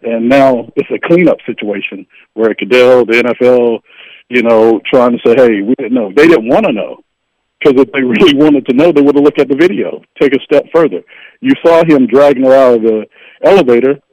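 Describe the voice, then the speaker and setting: A man from North Carolina calling in to a radio talk show, speaking in a measured, earnest way. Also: mid-range voice, darkish tone, no echo. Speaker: caller. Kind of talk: radio call-in comment. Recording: dull lo-fi phone line.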